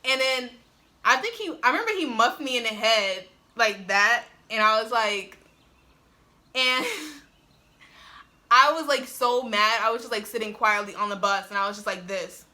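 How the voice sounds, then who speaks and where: A woman's voice: fairly high pitch, animated, unhurried, bright, forceful tone. Chatty young woman telling a story. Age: young adult. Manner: chatty, lots of "like", laughs often. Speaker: vlogger. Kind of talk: casual storytime vlog. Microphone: phone camera on tripod.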